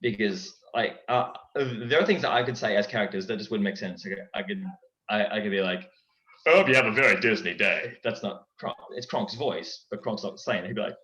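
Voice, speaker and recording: Young guy with a lowish voice chatting, jumps into impressions, echoey muffled call audio. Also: brisk. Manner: animated, breaks into character voices. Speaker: guest, impressionist. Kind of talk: casual interview chat. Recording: dull, echoey recording.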